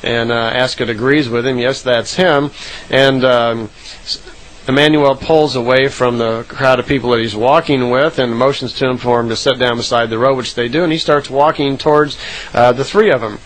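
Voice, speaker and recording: A man's voice: medium pitch, steady tone, moderate pace, rough recording. A man casually retelling a recorded account, rambling with frequent "uh" fillers and self-corrections.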